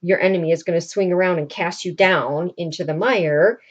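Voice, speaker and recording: A woman casually quoting a proud, scheming middle-aged nobleman in a raised pitch while retelling a story. The recording sounds dull and lo-fi. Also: normal speed, natural voice.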